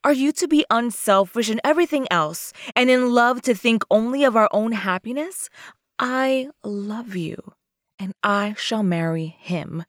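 A woman reading aloud, voicing a gentle but obstinate young woman who speaks softly and pleadingly to her sweetheart. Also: on the high side, unhurried, dry recording, studio quality, voice pushed up, close to an everyday voice. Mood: tender. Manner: soft, pleading, tender.

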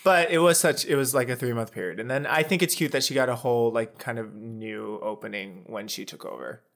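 A man's voice: medium pitch, brisk, vocal fry, fairly bright tone. A man co-hosting a theatre podcast, talking in a friendly, conversational way. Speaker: podcast co-host. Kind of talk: casual chat.

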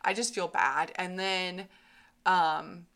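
Speaking slowly in a lowish, gravelly voice with fairly even intonation and a fairly bright tone, this young podcast co-host tells stories casually. She acts out quotes as she goes and laughs a lot.

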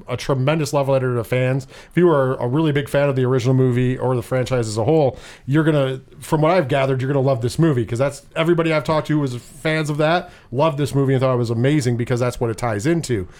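A man casually talking through a film in a podcast chat, rambling and animated, with restarts and frequent swearing. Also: mid-range voice, fast talker, hardly any pauses. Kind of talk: casual movie review chat.

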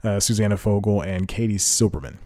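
A man with a fairly low, mellow voice hosts a casual podcast, rambling and correcting himself as he goes. He laughs at his own asides. The recording is dry and close. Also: fairly quick, no echo. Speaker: podcast host. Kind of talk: casual solo podcast talk.

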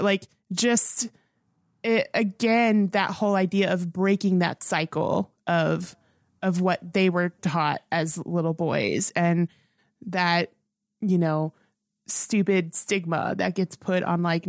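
Speaking slowly and steadily in a lowish voice, this woman co-hosts a casual film review podcast. She's earnest and rambling, often restarting her thoughts. The sound is studio quality with no echo.

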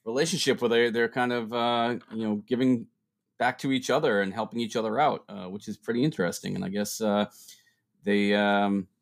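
A man's voice: on the low side, fairly even intonation, a little fast, vocal fry. A man co-hosting a casual podcast chat, teasing his co-host and laughing often.

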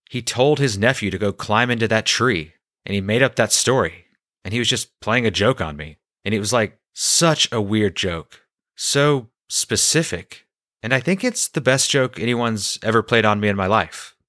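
A man hosting a storytelling podcast, recounting a personal story in a deadpan, conversational way. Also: fairly low pitch, dry recording, clean studio sound.

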